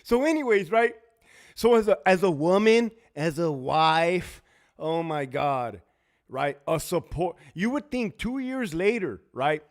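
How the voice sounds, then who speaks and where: Profane, ranting man with a higher voice. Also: expressive, a little slow. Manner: laughs often between lines. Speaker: livestream host, former prison officer. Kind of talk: casual livestream rant.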